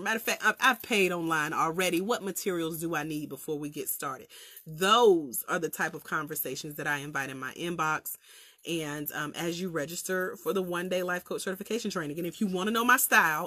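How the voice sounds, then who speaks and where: Bright, chatty Southern woman livestreaming. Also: on the low side, moderate pace, husky, no echo. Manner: lively, chatty, preacherly; laughs often, colloquial. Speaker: life coach trainer. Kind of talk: livestream talk to viewers.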